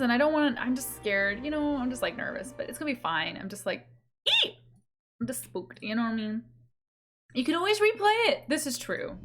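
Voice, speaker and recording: A woman streamer chatting casually with her live chat, giggly and playful as she reads messages aloud. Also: high-pitched.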